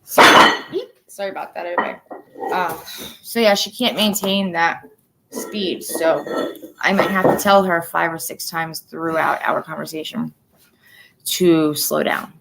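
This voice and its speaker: A woman in her forties giving a personal livestream update, soft-spoken and halting, often dropping to a near-whisper. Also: on the low side, steady tone, gravelly, a little hiss or hum, poor audio. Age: 40s. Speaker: livestream host.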